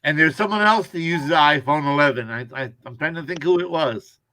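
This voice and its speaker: A man's voice: on the high side, brisk, bright, forceful tone. A man moderating a casual group video chat, helpfully explaining the settings and often repeating himself. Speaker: stream moderator.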